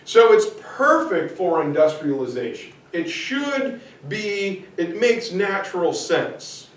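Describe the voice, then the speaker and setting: Slow, chatty male history teacher. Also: high-pitched, big pitch swings. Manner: chatty, informal, jokey asides. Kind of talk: casual classroom lecture. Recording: echoey room, mic far off.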